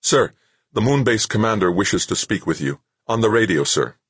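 A man's voice: lowish voice, lively intonation, moderate pace, a bit bright, breathy edge, dry recording, pitched above the performer's own voice. A man voicing a dutiful young male runner who reports formally to his officer. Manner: respectful, formal.

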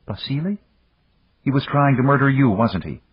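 Male narrator putting on a fragile, spoiled young woman, soft and uncertain, in a husky voice with lively rises and falls. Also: normal speed, no echo, lo-fi sound. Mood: frightened pleading. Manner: soft, uncertain, breathless higher voice.

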